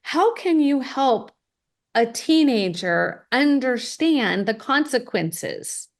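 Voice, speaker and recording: A woman's voice: high-pitched, sing-song, takes it slowly. A woman hosting a podcast interview, telling an anecdote and acting out the people in it. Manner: storytelling, acts out quoted voices. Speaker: podcast host, college advisor. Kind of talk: conversational interview.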